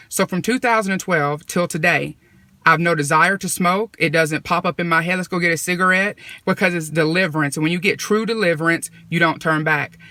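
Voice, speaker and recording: Woman, bright and crisp, close dry sound, chatty faith testimony storyteller. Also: sits low, no room sound. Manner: conversational, retelling dialogue with repeated "I said". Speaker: vlogger sharing a personal testimony.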